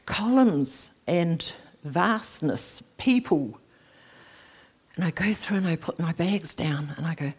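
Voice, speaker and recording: A middle-aged woman, giving a personal faith testimony in animated storytelling, her voice leaping high at emotional moments. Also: slow, husky. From New Zealand. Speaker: speaker sharing a testimony.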